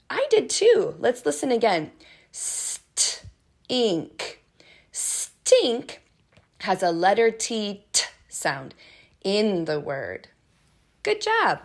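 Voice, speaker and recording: A middle-aged woman teaching preschoolers from home, speaking slowly in an encouraging, sing-song manner. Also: mid-range voice. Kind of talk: video lesson for young children.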